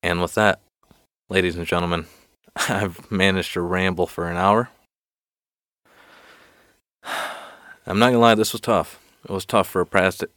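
A man's voice: low voice, steady tone, unhurried, pauses often, a bit bright, no echo. A man hosting a solo podcast, telling a joke in a rambling, self-deprecating way and laughing often. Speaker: podcast host.

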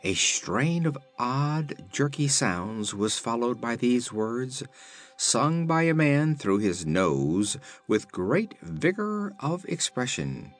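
A man's voice: mid-range voice, sing-song, takes it slowly, soft background music. A man reading a children's fantasy book aloud as narrator. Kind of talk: audiobook narration.

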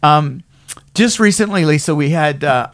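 Hoarse man hosting a chatty podcast. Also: fairly high pitch, expressive, normal speed, fairly bright tone, no room sound, clean studio sound. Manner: rambling, self-deprecating, swears casually. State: hoarse, frog in throat. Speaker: podcast host. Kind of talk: casual podcast chat.

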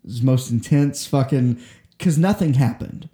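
A man's voice: medium pitch, moderate pace, warm tone. A young man telling a long personal story in casual chat, full of swearing and restarts. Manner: profane, rambling storytelling with many restarts. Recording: echoey room.

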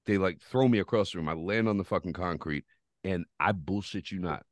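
A man with a lowish voice recounts a wild story on a podcast, swearing freely and rambling along. The sound is dry and close, with no room around it. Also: fairly quick, dry recording. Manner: profane, rambling, animated retelling. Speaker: podcast host. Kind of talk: casual storytelling chat.

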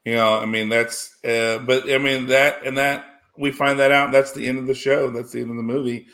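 A man's voice: medium pitch, little pitch movement, moderate pace, fairly bright tone. A man co-hosting a podcast, chatting casually about a film with many fillers and restarts. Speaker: podcast co-host. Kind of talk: casual film review chat.

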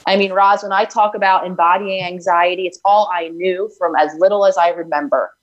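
A woman's voice: lowish voice, fairly even intonation, a little fast, highs cut off. A woman speaking as an interview guest, earnest and reflective, with frequent fillers as she tells her story. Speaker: guest, self-healing author. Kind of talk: conversational interview.

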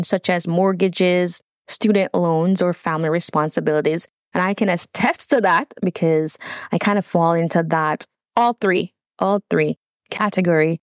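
A woman's voice: medium pitch, no echo, clean studio sound. A middle-aged woman with a Jamaican accent talks through prepared points on business money fears, often breaking off into personal asides. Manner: reads points then adds personal asides. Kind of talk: solo talk reading notes with asides.

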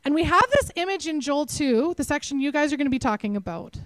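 A woman with a Texan accent giving a conversational, animated sermon to her church. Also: high-pitched, fast, hardly any pauses, dry recording, rough recording. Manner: conversational, animated, self-deprecating. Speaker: preacher.

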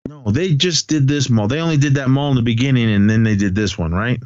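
A man's voice: mid-range voice, quick pace, a little mellow. A man casually recapping movie scenes with a co-host, swearing freely and laughing at the jokes. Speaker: podcast co-host. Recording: dull lo-fi recording.

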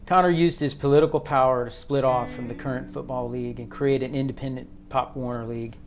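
A man's voice: medium pitch, steady tone, quick pace, music in the background. Man narrating an audiobook.

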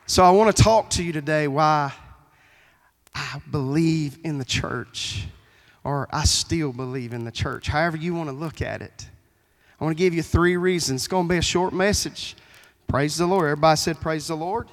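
A man preaching a folksy sermon as pastor, with a high voice. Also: moderate pace. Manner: folksy preaching with Southern phrasing. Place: church sanctuary. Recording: long hall reverb in a church.

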